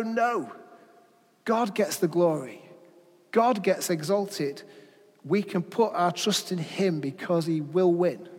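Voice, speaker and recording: A middle-aged preacher with a notably high voice works through a sermon with rhetorical questions and everyday stories. He drops his volume at the key lines. His voice rings with the long reverb of a church hall.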